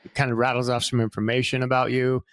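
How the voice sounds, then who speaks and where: A man's voice: mid-range voice, monotone, fast talker, fairly bright tone, smooth, no echo. Wry fifty-something man, dry sound. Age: 50s. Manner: easygoing, wry, trails off and restarts. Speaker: podcast co-host, financial advisor. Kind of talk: casual conversational podcast chat.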